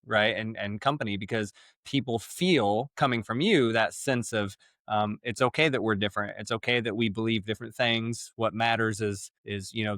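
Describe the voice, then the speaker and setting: A man's voice: lowish voice, fairly bright tone, no room sound. A man hosting an interview podcast, asking questions and affirming his guest. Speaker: podcast host. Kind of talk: casual interview conversation.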